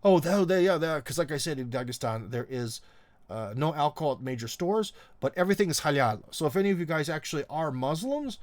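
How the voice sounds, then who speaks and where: A man's voice: a little high, animated, brisk, dry recording. A middle-aged man hosting a live stream, chatting casually and reading viewer comments in a rambling, wry way, full of ums and uhs. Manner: wry, teasing.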